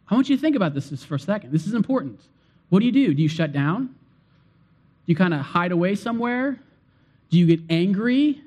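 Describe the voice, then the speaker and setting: Male pastor, higher register, emphatic sermon delivery with repetition and slowed stress. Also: darkish tone. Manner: emphatic, repeats phrases, slows for emphasis.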